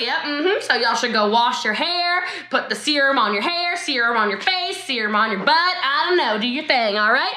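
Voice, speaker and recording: Bright, fervent woman. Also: on the high side, animated, moderate pace, roomy sound. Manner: emotional, laughing, talks straight to viewers. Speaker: network marketing speaker. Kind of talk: motivational talk. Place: her home. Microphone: video call.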